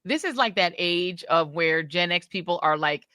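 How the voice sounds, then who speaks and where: A woman in her forties co-hosting a podcast, chatting casually in an animated, emphatic, colloquial way while tired and grumpy. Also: fairly low pitch, normal speed, no echo, studio quality. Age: 40s. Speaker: podcast co-host. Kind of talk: casual chat.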